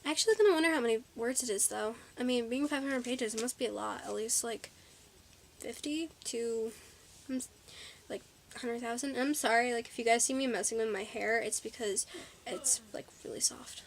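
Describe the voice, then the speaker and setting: A woman's voice: fairly high pitch, normal speed, creaky, slight background noise. A woman vlogger chatting casually to her camera at home, rambling with lots of ums and likes and correcting herself as she goes. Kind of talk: casual haul video chat.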